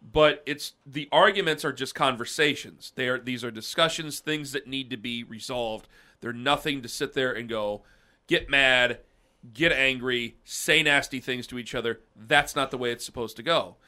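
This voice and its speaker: Booming, bright-voiced chatty man. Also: normal speed. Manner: rambling, self-deprecating, lots of restarts. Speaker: podcast co-host. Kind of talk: casual chat.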